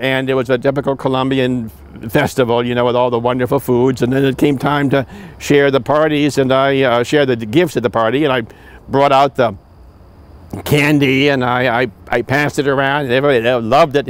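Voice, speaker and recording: A man's voice: mid-range voice, fairly even intonation, moderate pace, smooth. A man in his seventies telling old stories in a rambling way, with many restarts and asides. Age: 70s. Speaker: returned volunteer telling stories. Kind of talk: oral history storytelling.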